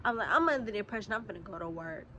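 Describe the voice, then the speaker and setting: A young woman, telling a casual storytime vlog straight to her viewers. She is a little sick and keeps clearing her throat, and her talk is animated and full of swearing. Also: medium pitch, very fast, highs cut off, a little hiss or hum. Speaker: vlogger. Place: outdoors.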